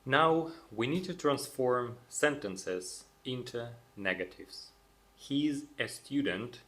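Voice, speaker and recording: A young man teaching English grammar, saying each example sentence slowly and then repeating it, calm and patient. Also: lowish voice. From Russia. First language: Russian. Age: young adult. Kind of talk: slow, deliberate language lesson.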